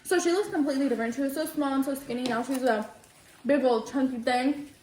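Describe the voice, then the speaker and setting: A young woman chatting casually as co-host of a sisters' vlog, relaxed and talking while she eats. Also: high voice, fast, echoey room, a little hiss or hum. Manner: relaxed, talks while eating. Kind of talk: casual chat.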